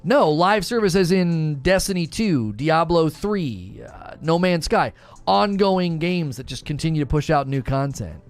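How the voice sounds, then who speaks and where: A man's voice: a little high, animated, a little slow, faint music behind. A man hosting a gaming live stream, talking casually, rambling, joking and repeating himself as he reads chat.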